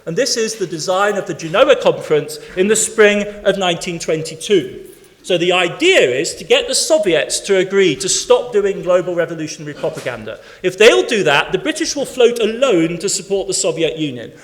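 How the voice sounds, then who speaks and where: A man's voice: high-pitched, sing-song, brisk. A man giving a keynote academic lecture to an audience in a conference hall. He speaks emphatically, building his points in rhythmic lists.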